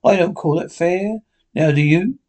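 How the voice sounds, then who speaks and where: A man's voice: high-pitched, measured pace, a little mellow. A man reading as a blunt, stern ship's captain. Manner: clipped, firm, stumbling over some words.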